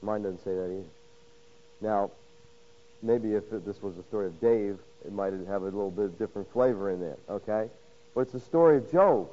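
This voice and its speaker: A man preaching a sermon, swinging from loud emphasis to hushed, intimate lines and acting out quoted voices with rhetorical questions. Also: lowish voice, normal speed, lo-fi sound, slight background noise. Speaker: pastor.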